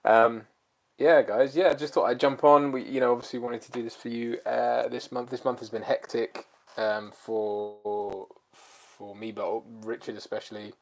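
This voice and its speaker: A man, co-hosting a casual livestream chat, rambling and relaxed with lots of fillers, feeling a bit lethargic. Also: mid-range voice, measured pace, vocal fry. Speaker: channel co-host.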